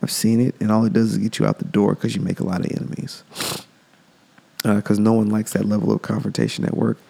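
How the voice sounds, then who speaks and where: A man's voice: on the low side, little pitch movement, quick pace, gravelly, dark tone, breathy edge. A man hosting a podcast, talking in a loose, rambling casual monologue. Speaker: podcast host.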